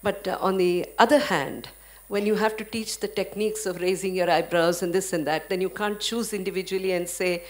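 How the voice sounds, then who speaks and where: A woman with an Indian English accent moderating a panel, asking probing, measured questions. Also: medium pitch, steady tone.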